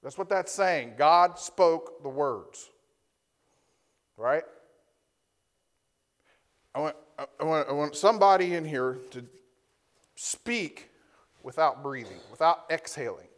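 Man preaching with a fairly high voice. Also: lively intonation, takes it slowly, pauses often. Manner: teaching, often ends points with a rhetorical "right?"; reads Scripture aloud and defines Hebrew and Greek words. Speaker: pastor. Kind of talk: sermon. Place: church before a congregation.

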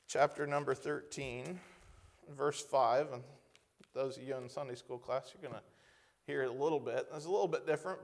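A man preaching a conversational sermon, asking the congregation rhetorical questions and reading scripture slowly with emphasis. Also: a little high, creaky.

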